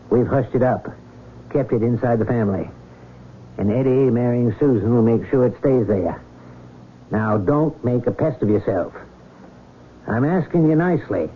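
An actor in a 1970s radio drama playing an older father who is the town mayor, calm and chiding. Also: medium pitch, slight background noise, natural voice. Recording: tinny narrow broadcast.

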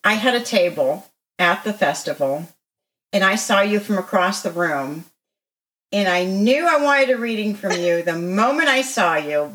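A woman hosting a podcast, telling a personal story with an animated, expressive delivery. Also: mid-range voice, rough recording. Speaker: podcast host. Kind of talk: casual podcast interview.

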